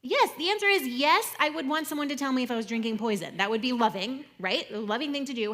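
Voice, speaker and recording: A young adult woman speaking to an audience in a conversational, jokey way, swinging between loud and soft. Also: sits high, lively intonation, fast talker. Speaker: speaker giving a talk.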